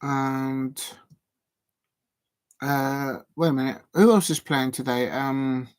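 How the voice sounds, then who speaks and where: A man with a smooth, medium-pitched voice and fairly even intonation talks slowly, with no echo. Hosting a football watch-along stream, he chats casually in a South London accent, rambling and muttering to himself while typing.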